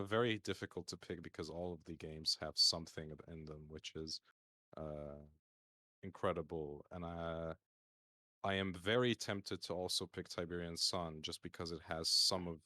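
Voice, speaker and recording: A man with a low, deep voice and a bright, forceful edge talks casually on a live call panel. He rambles, hesitates and restarts, padding his thoughts with fillers. The sound is dry and close. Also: moderate pace, dry recording. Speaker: community roundtable guest. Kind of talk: casual panel chat on a stream.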